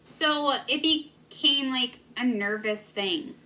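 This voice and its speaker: A woman's voice: high-pitched, takes it slowly, pushed and bright, low-quality recording. A young woman in her twenties, a vlogger telling a local legend in a casual, earnest and emotional way. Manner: earnest, emotional, filler-heavy. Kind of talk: casual storytelling.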